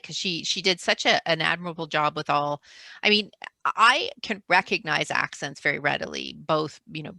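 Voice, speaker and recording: Author lady on a video call, rambles and restarts a lot, bright edge, dry mic. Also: low-pitched, normal speed, gravelly, no echo. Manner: chatty, self-interrupting, laughs often. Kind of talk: casual chat.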